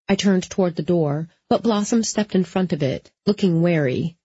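A woman's voice: fairly low pitch, normal speed, few pauses, dark tone, breathy edge, dry recording. A woman narrating a first-person audiobook in a dry, wry storytelling manner, close to the mic. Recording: slightly dull lo-fi.

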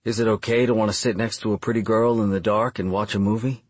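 Man, audiobook narration, calm and measured, low voice, dry close sound. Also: no room sound. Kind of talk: first-person audiobook narration.

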